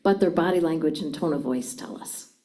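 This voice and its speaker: A woman's voice: low voice, brisk, mellow. A middle-aged woman giving a live seminar talk on communication, engaging the audience with frequent questions. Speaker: communication speaker.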